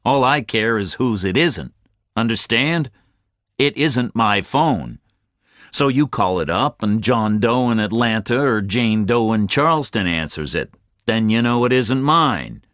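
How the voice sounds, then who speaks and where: A man's voice: on the low side, lively intonation, unhurried, a bit bright, dry recording, clean studio sound, voice pushed up. A man voicing a blunt, insistent male drifter who presses his point. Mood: pushy.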